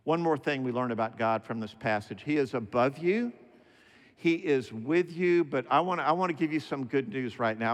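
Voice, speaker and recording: A man preaching a sermon, driving his points home with emphatic repetition. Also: on the high side. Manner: emphatic repetition, rising to forceful declarations. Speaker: pastor. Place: church sanctuary. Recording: long hall reverb.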